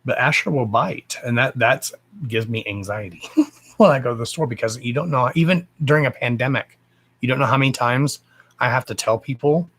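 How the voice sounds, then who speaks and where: A man's voice: medium pitch, a little fast, fairly bright tone, slightly rough. Blunt, profane man ranting. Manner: blunt and profane, swears freely; fired-up, emphatic. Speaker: livestream host. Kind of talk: casual livestream rant.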